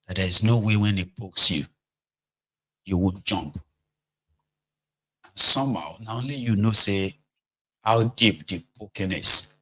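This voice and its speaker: A man's voice: lowish voice, a little slow, long pauses, sharp tone, rough recording. Man giving casual political commentary. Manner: conversational, mixes in Pidgin, checks in with "okay? right?".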